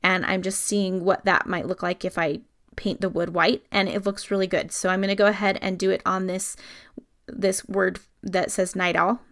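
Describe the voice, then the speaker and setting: A woman's voice: mid-range voice, little pitch movement, normal speed, fairly bright tone. An adult woman chatting through a casual scrapbooking voice-over, explaining each step as she works. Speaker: scrapbooking video host.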